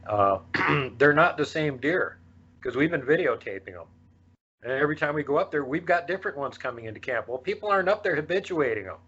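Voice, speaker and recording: A man hosting a podcast in casual chat, relaxed and chuckling often. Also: fairly high pitch, fairly quick, slightly rough. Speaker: podcast host. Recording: dull lo-fi audio.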